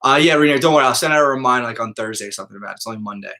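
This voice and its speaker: A man's voice: medium pitch, racing, bright, forceful tone. A man, a math teacher, talking casually and upbeat to his students in a live online class, checking in with them often.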